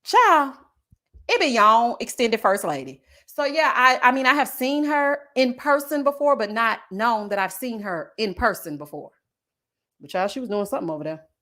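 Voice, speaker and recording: A sassy woman dishes gossip in a casual vlog, reading comments aloud and teasing her viewers. Her fairly high voice swoops up and down with lively, animated emphasis. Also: normal speed. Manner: sassy, animated, calls viewers child and baby.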